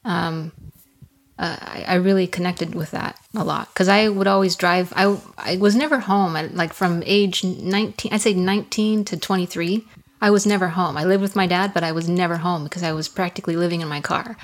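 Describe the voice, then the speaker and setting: Young woman guest on a podcast, candid and earnest, trips over her words a bit, lowish voice. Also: steady tone, a little fast. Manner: earnest, candid, repeats words while telling a story. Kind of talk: casual podcast chat, personal storytelling.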